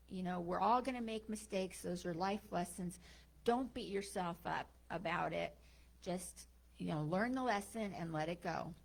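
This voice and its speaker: A woman's voice: fairly low pitch, normal speed, vocal fry. A woman speaking at a spiritual service, telling a parable in a casual, improvised way with many fillers. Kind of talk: storytelling talk.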